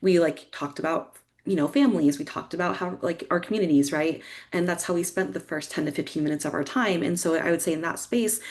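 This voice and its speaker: A woman's voice: on the low side, fairly quick, hardly any pauses, darkish tone. A woman co-presenting a workshop, sharing a personal work example in a reflective way and often checking in with "right?".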